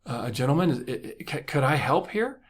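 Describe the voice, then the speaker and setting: A man's voice: mid-range voice, big pitch swings, fairly quick, slightly rough, pitched above the performer's own voice. A man voicing a polite hotel maid who stammers and hesitates as she offers to help. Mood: hesitant helpful.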